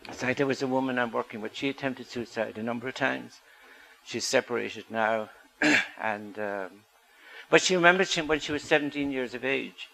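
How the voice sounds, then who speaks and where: Guy giving a talk to a crowd, earnest, keeps asking them questions, regular pitch. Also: vocal fry, bright, forceful tone, low-quality recording. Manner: earnest, asks the audience rhetorical questions. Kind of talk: public talk.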